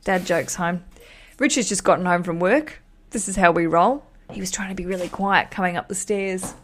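A woman's voice: lowish voice, normal speed, a bit bright, a little hiss or hum. Chatty, frank woman podcaster. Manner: chatty, frank, swears casually, playful. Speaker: podcast host giving wedding advice. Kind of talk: casual advice podcast.

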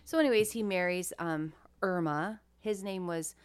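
A woman with a fairly low voice chats on a podcast, telling a family story. She is wry and thinks aloud while she talks. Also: moderate pace, smooth. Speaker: podcast co-host. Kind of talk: casual storytelling chat.

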